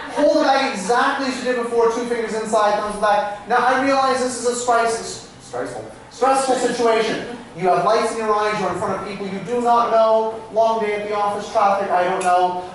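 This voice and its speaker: A high-voiced magician speaking at normal speed jokes around with volunteers and laughs at himself in comic, aside-filled patter. He's on a small theatre stage before an audience, recorded distantly in an echoey room with slight background noise.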